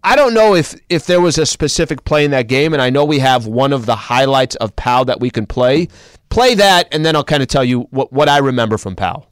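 A man's voice: medium pitch, lively intonation, a little fast. A man hosting casual sports talk, recounting games in a conversational way with fillers.

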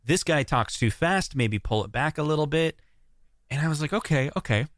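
A man, a guest on a podcast, chatting casually and telling animated stories that act out what others said. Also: on the high side, normal speed, no room sound. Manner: animated storyteller, acts out quoted comments. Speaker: guest, YouTuber. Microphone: remote recording mic.

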